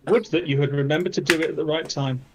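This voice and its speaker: A man playing a tabletop game online, describing his character's actions in a measured way. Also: a little high, fairly even intonation, noisy background. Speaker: player.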